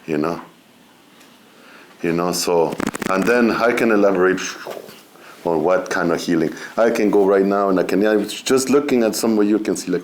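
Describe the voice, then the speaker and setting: A middle-aged man speaking as a guest at a seminar, relaxed and conversational, often saying "you know" and laughing between points. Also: low voice, normal speed, a little hiss or hum. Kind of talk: informal spiritual talk.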